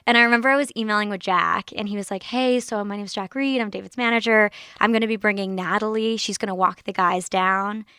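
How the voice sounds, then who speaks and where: A woman's voice: mid-range voice, fast talker, few pauses, smooth, dry recording, studio quality. A woman in her twenties, a publicist guesting on a podcast, telling stories animatedly and acting out others' lines. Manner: animated, quoting others in lively voices. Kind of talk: casual chat, storytelling.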